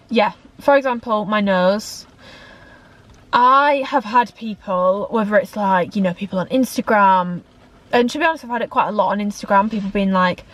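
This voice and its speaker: Young woman, candid rambling vlog chat, filler-heavy, mid-pitched. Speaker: fitness content creator.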